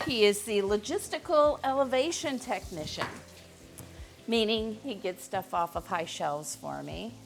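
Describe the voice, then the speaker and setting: In a casual cooking chat, a middle-aged woman from Missouri hosts a live stream from her home kitchen, rambling and using many fillers. Her pitch is medium.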